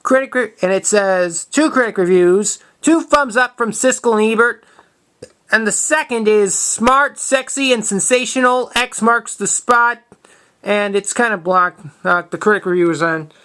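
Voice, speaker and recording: A man in his twenties showing items from his collection in a casual vlog, talking in a halting, matter-of-fact way and often restarting words. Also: high-pitched, sharp tone, smooth. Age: 20s. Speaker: video collector showing tapes. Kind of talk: casual show-and-tell vlog.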